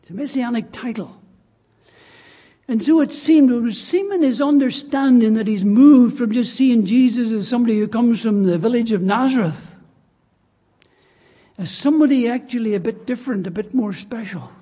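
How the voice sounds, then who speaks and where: A man's voice: extremely high pitch, normal speed, warm tone. A man preaching a sermon in church, emphatic and repeating his key phrases. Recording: long reverb of a church hall.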